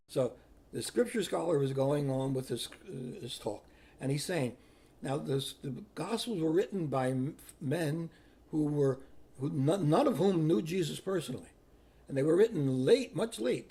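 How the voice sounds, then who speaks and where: An older man telling stories in an animated way, often repeating words and acting out sounds and quotes. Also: a little high, creaky, breathy edge. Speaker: interviewee recounting history. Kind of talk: personal storytelling.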